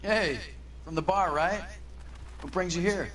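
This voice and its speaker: A man's voice: high voice, a little slow, a crowd in the background. An actor playing a wary, evasive male fruit-stand owner in a video game, answering in a defensive, guarded way. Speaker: game character.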